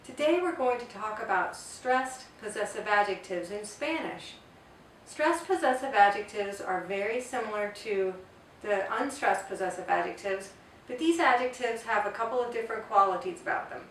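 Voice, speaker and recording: A woman's voice: medium pitch, expressive, normal speed, a bit bright. Woman teaching from far off in an echoey room. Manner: clear, patient, spells out word forms one by one. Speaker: Spanish teacher. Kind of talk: explanatory grammar lesson. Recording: echoey room, far from the mic, faint hiss.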